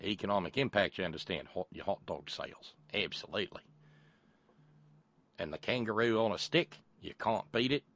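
A man's voice: deep voice, normal speed, fairly bright tone. A man putting on a brash Australian salesman voice with boastful sales patter, an adult male figure. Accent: put-on Australian.

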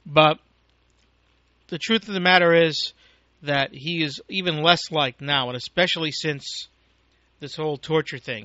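A man's voice: a little high, sharp tone, no room sound. An American man giving an angry, profane, rambling political rant as a talk radio host, on a dull lo-fi recording. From United States.

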